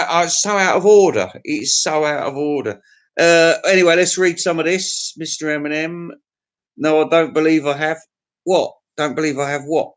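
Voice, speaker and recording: A man hosting a livestream, telling crude, profane, jokey stories in a rambling casual chat to his viewers. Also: on the high side. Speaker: livestream host.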